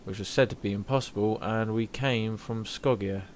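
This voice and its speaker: A man's voice: on the low side, steady tone, moderate pace, slight background noise. Chatty young man streaming a game. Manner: chatty, rambling, reads game text aloud. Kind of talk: casual live gameplay commentary.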